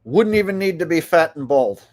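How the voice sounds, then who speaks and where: A man's voice: a little high, animated, normal speed, darkish tone. A middle-aged man giving rambling, mocking commentary on his live stream. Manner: rambling, mocking, with filler words.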